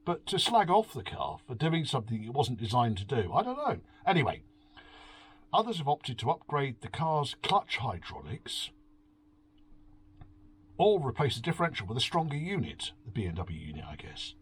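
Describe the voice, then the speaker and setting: A man's voice: mid-range voice, wildly swooping pitch, normal speed, husky. A man hosting a beery home review, reading out an article and mocking it with sighs, swearing and sarcasm. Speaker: host. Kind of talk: drunken rambling review. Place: home, drinking beer.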